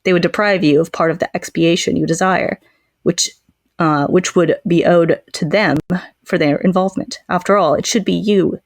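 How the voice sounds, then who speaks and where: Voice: medium pitch, gravelly, dry recording. A book podcast co-host reading a long passage aloud and chatting casually about it.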